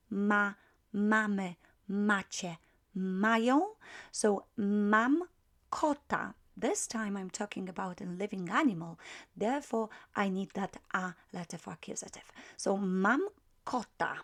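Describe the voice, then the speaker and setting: A woman teaches a beginner lesson at an unhurried pace. She explains each example patiently and stops often to check that the listener follows. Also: mid-range voice. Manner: slow, patient explaining with frequent fillers and checks. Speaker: language teacher.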